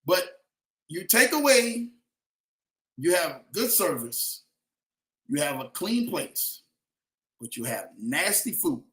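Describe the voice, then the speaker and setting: Man, motivational talk, high voice, echoey room, repetitive, emphatic, slangy. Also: sing-song, takes it slowly, long pauses, fairly bright tone. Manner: preachy, repetitive, rising to emphatic peaks; casual slang, addresses listeners directly. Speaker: motivational speaker.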